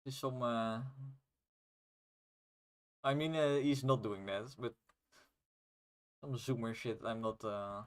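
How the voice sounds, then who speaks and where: A man's voice: mid-range voice, fairly even intonation, takes it slowly, long pauses, clear, resonant tone. Young non-native english guy chatting loosely while playtesting, swears a bit, rambly. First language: not English. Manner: rambling, self-deprecating, swears casually. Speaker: indie game developer streaming. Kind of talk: casual livestream commentary while playtesting.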